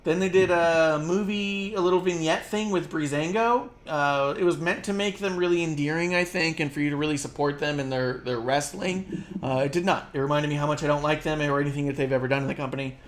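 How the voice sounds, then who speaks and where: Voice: mid-range voice, a little hiss or hum. Rambling, profane podcast co-host. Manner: rambling, profane, filler-heavy; drops into quick mocking impressions. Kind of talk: casual podcast chat.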